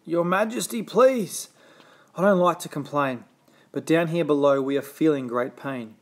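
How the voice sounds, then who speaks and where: A man's voice: on the high side, animated, normal speed. A man voicing a plain little male turtle who groans and pleads, weary from holding up a heavy stack, in a storybook reading. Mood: pleading.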